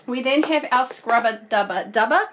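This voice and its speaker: A woman unboxing toys as an adult collector, gushing and excitable, with rambling asides. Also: a little high, normal speed, slight background noise. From New Zealand. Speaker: toy collector and vlogger. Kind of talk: toy unboxing vlog.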